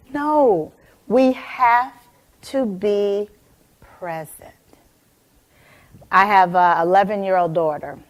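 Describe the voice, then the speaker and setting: A woman in her forties telling a personal story in a lively keynote talk, calling out to audience members by name. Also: medium pitch. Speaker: motivational speaker.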